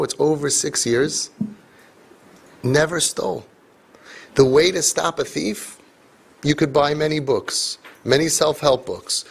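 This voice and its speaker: A man with a gravelly, fry-edged voice gives a parenting talk to a live audience. His tone is husky and a little rough. He jokes and throws in quick asides to the room. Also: medium pitch. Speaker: parenting coach.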